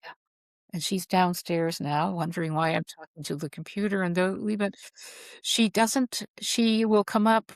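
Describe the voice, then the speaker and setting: A woman author chatting in an interview, telling stories in a lively way and acting out the voices she quotes. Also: fairly low pitch, moderate pace, no room sound, clean studio sound. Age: older. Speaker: guest author. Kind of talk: casual interview chat.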